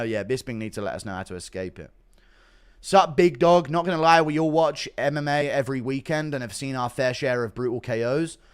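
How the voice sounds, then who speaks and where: Brit male streamer, lively up-and-down delivery, loose and profane, thanks donors between rants. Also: on the high side. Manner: animated, swears casually, reads donations aloud. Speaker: livestreamer reading chat. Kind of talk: casual livestream chat.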